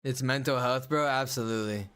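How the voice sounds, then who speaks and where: A man's voice: medium pitch, steady tone, a little fast, a bit bright, smooth. A man livestreaming a game, chatting with viewers in a blunt, slangy, opinionated way. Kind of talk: casual chat while gaming.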